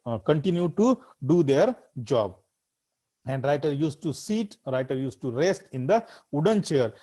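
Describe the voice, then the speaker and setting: Teacher, male, fairly high mellow voice, reads the text and then explains it. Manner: reads the text aloud, then explains it line by line with frequent fillers. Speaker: English literature teacher. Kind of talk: classroom lecture explaining a story.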